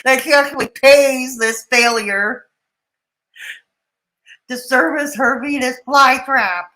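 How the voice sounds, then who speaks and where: A woman's voice: sits high, takes it slowly, pushed and bright, roomy sound, low-quality recording. A woman commentating on a live stream, with sarcastic, mocking and cutting remarks.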